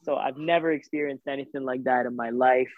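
A man's voice: medium pitch, brisk. A man tells a personal story in a loose, chatty way, switching into the voices of the people in it and leaning on fillers as he goes. His voice comes through thin and tinny, like a phone line, with no room echo at all. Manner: animated retelling with reported dialogue, many fillers. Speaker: guest telling a personal story. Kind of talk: casual conversational storytelling. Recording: thin phone-like dry sound.

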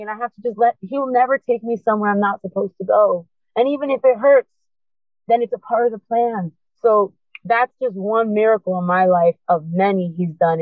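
A woman's voice: medium pitch, no room sound. Impassioned woman over a tinny line. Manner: earnest, impassioned, urgent encouragement. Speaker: guest. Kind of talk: emotional personal testimony. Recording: tinny phone-line sound.

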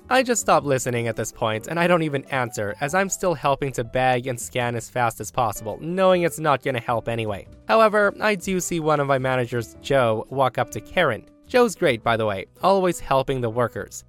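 A man hosting a channel, narrating reader stories in a casual, lively, chatty way and speaking to listeners as guys. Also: mid-range voice, moderate pace, hardly any pauses, soft background music. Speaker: story narrator, channel host.

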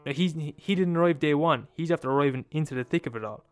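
A man's voice: fairly high pitch, fast talker, no room sound, soft background music. A man with an Irish accent retelling a story in a casual, profane, repetitive, conversational way.

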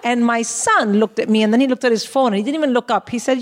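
A woman in her forties co-hosting a live comedy show, telling a wry, animated story and swearing freely on a stage. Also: fairly high pitch, quick pace. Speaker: co-host. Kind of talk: comic storytelling to a live audience.

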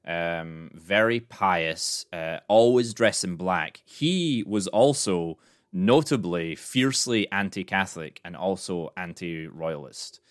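Deep-voiced man telling a story. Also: expressive, slow pace, clear, resonant tone. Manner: jokey, laughs between facts, many ums. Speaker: podcast co-host. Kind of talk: casual storytelling chat.

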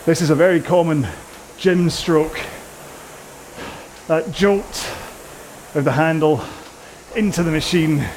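A man's voice: fairly high pitch, takes it slowly, long pauses, a little mellow, a little hiss or hum. A British man coaching a rowing workout indoors, chatting in a rambling, self-mocking way with jokey asides. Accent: British English.

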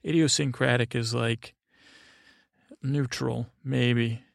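A man's voice: mid-range voice, fairly even intonation, takes it slowly, gravelly, no echo, clean studio sound. A middle-aged man hosting a podcast, telling a meandering bedtime story full of fillers and restarts. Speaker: podcast host.

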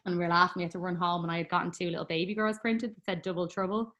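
A young adult woman with an Irish accent, a guest in an interview telling her story casually, full of fillers and quick laughs. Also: on the low side, level tone, a bit bright. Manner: chatty, laughs often, lots of "like" fillers.

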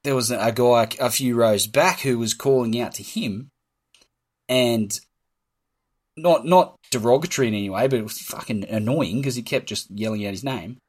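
A man's voice: mid-range voice, moderate pace, slightly rough. A man co-hosting a casual sports podcast, telling stories with plenty of swearing and laughter. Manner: swearing, storytelling, laughs at his own tales. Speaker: podcast co-host.

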